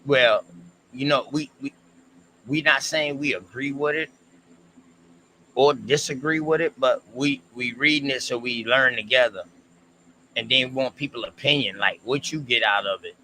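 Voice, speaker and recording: A man co-hosting a casual history discussion stream, talking in a laid-back, slangy, drawn-out way. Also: medium pitch, pushed and bright, slight background noise, low-quality recording. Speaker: co-host.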